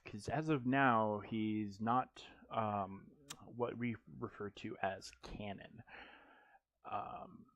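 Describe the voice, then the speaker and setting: Male streamer, lowish voice, casual gameplay chat, rambling, jokey, dry close sound. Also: slow pace, fairly bright tone, no echo, lo-fi sound. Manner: rambling and joking, with frequent ums and restarts. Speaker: game streamer.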